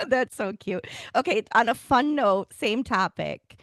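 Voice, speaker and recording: Lively woman podcast host. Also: on the high side, no room sound, clean studio sound. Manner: lively, reactive, quick to laugh. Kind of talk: casual interview chat.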